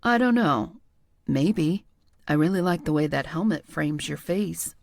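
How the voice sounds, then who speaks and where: A woman narrator voicing a shy, gentle man with a soft, hesitant way of talking, in a lowered voice. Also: expressive, unhurried, creaky, no room sound, studio quality, full character voice. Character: shy, gentle young man, kind dog owner.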